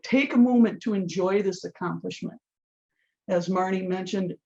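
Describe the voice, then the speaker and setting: A woman's voice: medium pitch, normal speed, vocal fry, a little mellow. A woman giving an earnest, encouraging scripted address to graduates. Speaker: program speaker at a graduation. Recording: dull lo-fi sound.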